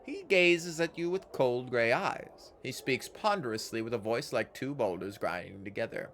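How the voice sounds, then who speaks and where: A man's voice: mid-range voice, animated, moderate pace, hardly any pauses, a bit bright, slight background noise. A man streaming a game, reading its text aloud and rambling casually with his chat, correcting himself as he goes.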